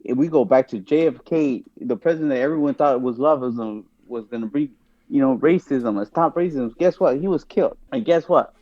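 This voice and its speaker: A man's voice: medium pitch, a little fast, dry recording, dull audio. A man on a podcast as a guest, arguing his views in casual, emphatic talk that returns again and again to rhetorical questions. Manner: emphatic, keeps asking "guess what". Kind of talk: casual opinionated discussion.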